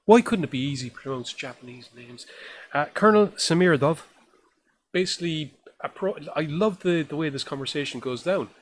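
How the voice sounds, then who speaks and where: A man's voice: fairly high pitch, a little fast, slightly rough. Enthusiastic rambling male podcast host. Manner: enthusiastic, rambling, swears casually. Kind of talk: casual film review chat.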